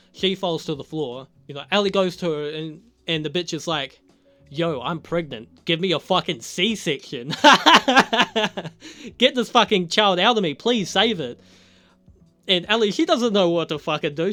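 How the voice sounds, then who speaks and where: A man giving a casual, profane recap of a TV episode, laughing often and acting out lines from the characters. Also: fairly high pitch. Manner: profane, laughing, animated retelling with acted quotes. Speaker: video reviewer.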